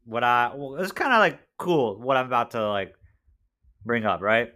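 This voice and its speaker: A man's voice: mid-range voice, big pitch swings, moderate pace, pushed and bright. A man co-hosting a casual podcast, telling a story in a chatty way, full of "like" and "right?". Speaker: podcast co-host.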